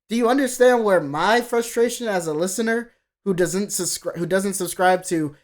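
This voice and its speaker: A man doing live-stream reaction commentary in a heated, profane rant, mocking the voices he quotes. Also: moderate pace. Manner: heated, profane ranting with sudden jumps in pitch. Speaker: streamer reacting to music videos.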